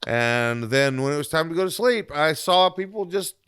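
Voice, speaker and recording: A man's voice: a little high, expressive, moderate pace, a bit bright, smooth, no echo, studio quality. A man podcast co-host, telling a story in easygoing casual chat. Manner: easygoing, laughs hard.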